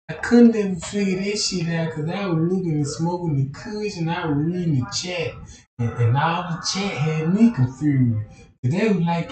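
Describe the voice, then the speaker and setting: A man's voice: sits high, animated, normal speed, darkish tone. A man in a casual, profane, rambling rant as a streamer, keeps asking if you know what he's talking about. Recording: roomy, off-mic sound.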